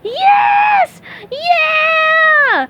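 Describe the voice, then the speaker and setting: Woman reader as high squeaky young cartoon sponge man, hyper, loud. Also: big pitch swings, very slow, dull audio, heavy background noise, heavily acted. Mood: ecstatic. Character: excitable squeaky young male sea sponge.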